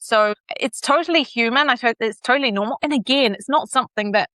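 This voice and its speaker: A woman with a New Zealand accent talks as a communications coach on a podcast. Her voice sits a little high and rings bright and forceful, and she animates it by playing with pitch and speed. The close mic keeps the sound dry. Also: fast, hardly any pauses, no echo. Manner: animated, plays with pitch and pace to demonstrate. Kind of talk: podcast interview.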